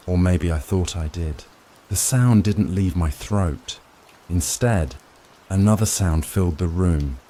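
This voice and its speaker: Deep slow male horror narrator. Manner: slow, hushed storytelling. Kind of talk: scripted first-person horror narration. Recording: faint rain sound behind voice. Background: rain.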